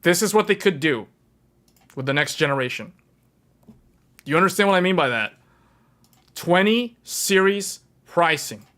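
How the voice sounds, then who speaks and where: Guy hosting a tech stream, fairly high voice, talks in animated bursts and repeats himself a lot. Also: fairly quick, pauses often. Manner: animated, emphatic, repeats key points. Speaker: tech livestream host. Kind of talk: casual livestream talk to viewers.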